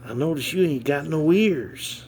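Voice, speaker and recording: A man's voice: a little high, expressive, a little slow, darkish tone, pitched above the performer's own voice. A man voicing a plain-spoken young male job applicant who answers bluntly.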